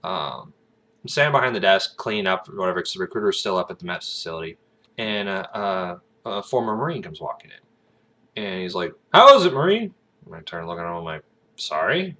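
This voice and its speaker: A man's voice: deep voice, brisk, sharp tone. A man rambling casually and getting sidetracked as he talks about his acting plans, with lots of fillers. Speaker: aspiring actor vlogger.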